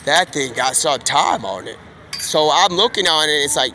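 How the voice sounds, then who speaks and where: A man livestreaming, talking in a rambling, slangy, excitable stream of thought. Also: fairly high pitch, moderate pace, slight background noise. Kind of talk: rambling live-stream monologue.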